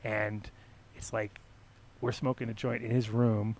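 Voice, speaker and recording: Unhurried and fairly low in pitch, the middle-aged podcast host spins casual stories. He is animated and full of fillers, and he swears freely.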